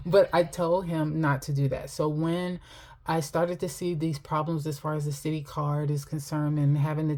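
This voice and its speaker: A woman's voice: low voice, gravelly, warm tone. A middle-aged woman telling a personal story while chatting casually to camera about her finances, laughing often.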